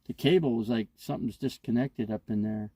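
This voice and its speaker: A man's voice: mid-range voice, fairly quick, dark tone, husky, dry recording. A man in his fifties, host of a casual live chat, rambling and profane as he retells his day. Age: 50s. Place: inside an RV.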